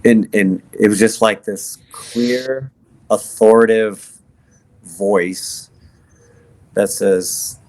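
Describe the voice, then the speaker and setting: A man, a podcast guest, telling his personal story in an earnest, halting way with many fillers and restarts. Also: fairly low pitch, darkish tone. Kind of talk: personal testimony in conversation.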